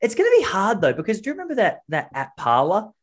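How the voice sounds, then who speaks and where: An Australian man in his thirties with a voice that sits high talks fast in casual podcast conversation as co-host. He narrates animatedly, slipping into the voices of the people in his tales.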